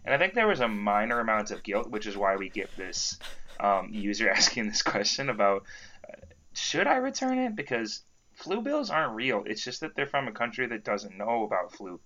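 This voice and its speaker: A man's voice: lowish voice, big pitch swings, moderate pace, bright, forceful tone, highs cut off. A young man co-hosting a comedy podcast, joking playfully in casual back-and-forth chat. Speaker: podcast co-host.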